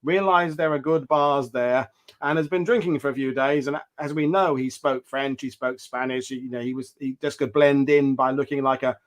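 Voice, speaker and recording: A man hosting a history show, telling war anecdotes in an animated, rambling way with many restarts over a video call. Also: mid-range voice, moderate pace. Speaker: host. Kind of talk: casual storytelling chat.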